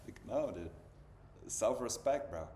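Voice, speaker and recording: A man's voice: mid-range voice, animated, a little slow, warm tone. A man in his thirties hosting a podcast, chatting casually in a loose, slangy way full of "bro" and "dude". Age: 30s. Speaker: podcast host. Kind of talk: casual chat. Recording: echoey room with faint ambient noise.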